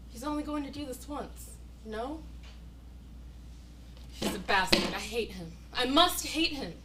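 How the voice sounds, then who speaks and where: A woman's voice: a little high, fairly bright tone, echoey room, recorded from a distance, a little hiss or hum, poor audio. A woman acting a stage monologue as a desperate young woman torn over a cruel dying man, speaking in an anguished, pleading way. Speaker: acting student. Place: acting studio room.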